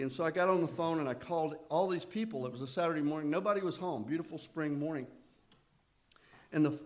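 A man's voice: on the high side, a little mellow. A man sharing his recovery story at a meeting, in a conversational way with self-deprecating humor.

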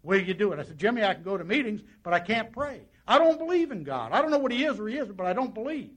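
A man's voice: high voice, very animated, fast, husky. A man sharing his personal recovery story at a meeting, in a folksy storytelling way with lots of quoted dialogue. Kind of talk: personal testimony to an audience.

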